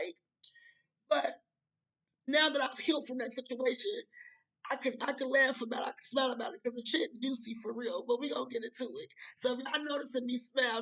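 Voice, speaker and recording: High-pitched woman, casual profane storyteller, talks straight to viewers. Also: low-quality recording. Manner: animated, profane, frequent "right?" asides to viewers. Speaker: storyteller vlogger.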